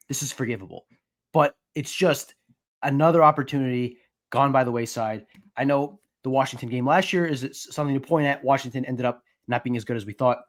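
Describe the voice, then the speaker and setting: A male sports reporter talking casually on a podcast, analytical with dry jokes. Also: mid-range voice. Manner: analytical, dryly joking.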